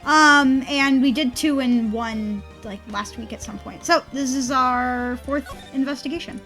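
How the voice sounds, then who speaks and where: An excitable young woman streaming a game, chatting to her viewers in a high voice, cursing and laughing freely. Faint game music runs quietly under her talk. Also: unhurried. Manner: excitable, swearing, laughing often, talking to chat. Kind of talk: casual live-stream commentary.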